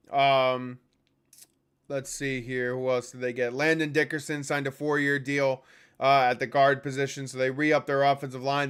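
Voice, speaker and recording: A man's voice: medium pitch, clear, resonant tone. A young man hosting a casual sports chat, profane and heated, ranting in bursts. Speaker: podcast host.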